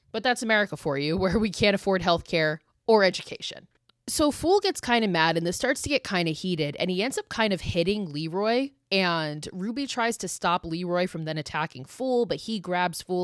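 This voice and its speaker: A woman's voice: fairly low pitch, expressive, fairly quick, no room sound, clean studio sound. A young woman hosting a podcast, recapping a horror film in a casual, profane, chatty way full of "like". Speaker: podcast host.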